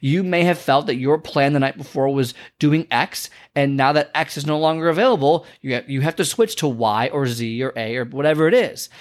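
A man's voice: a little high, a little fast, few pauses. A young man casually telling a rambling story in a vlog, with many fillers and restarts. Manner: rambling, chatty, lots of fillers. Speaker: vlogger and motivational speaker.

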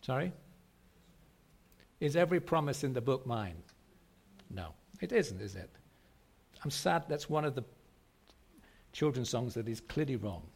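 Gravelly, emphatic man preaching. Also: mid-range voice, lively intonation, unhurried, long pauses. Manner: emphatic, repetitive, asks the congregation rhetorical questions. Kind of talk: sermon. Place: church service.

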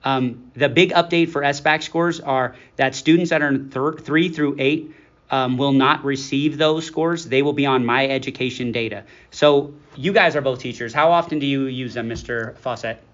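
A man's voice: medium pitch, moderate pace, a bit bright. A man hosting a school podcast, talking in an upbeat, casual way with lots of ums. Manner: upbeat, talkative, many ums. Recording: dull lo-fi sound.

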